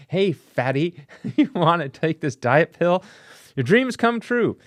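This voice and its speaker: A man's voice: medium pitch, dry recording. Guy reading old comic ads and roasting them, sarcastic, dry close sound. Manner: wry, sarcastic, laughs at what he reads. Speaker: comic book collector and YouTuber.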